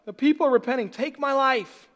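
A man's voice: very high voice, a little fast, a bit bright, big-room sound, pitched above the performer's own voice. A man doing a grumpy pouting prophet. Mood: sulky. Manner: whiny, overdramatic.

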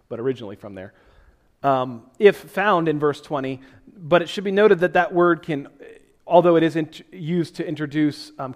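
A man pastor giving a sermon, reading scripture aloud and then explaining it in a loose, conversational way with self-deprecating asides. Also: mid-range voice.

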